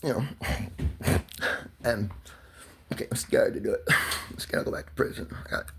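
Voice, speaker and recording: A man in his twenties talking in a rambling, pressured rush, swerving between laughter, near tears and shouting, loud and swearing often. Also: medium pitch, moderate pace, vocal fry, slight background noise. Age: 20s. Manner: loud and expressive, heavy swearing. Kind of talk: emotional monologue to camera.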